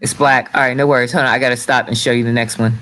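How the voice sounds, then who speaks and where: Halting man hosting a video call. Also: mid-range voice, steady tone, sharp tone, low-quality recording. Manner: halting and distracted, full of restarts and "hold on". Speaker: show host sharing his screen. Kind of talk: casual live video chat.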